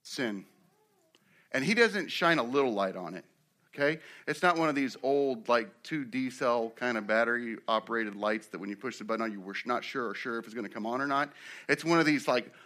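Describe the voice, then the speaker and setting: A man preaching a sermon as pastor, animated, acting out quotes with sudden rises and drops in loudness. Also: medium pitch, fairly quick.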